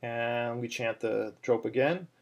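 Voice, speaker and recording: A cantillation teacher with a medium-pitched voice explains a chanting lesson step by step at a measured pace. He uses many fillers and restarts, now and then breaking into chant.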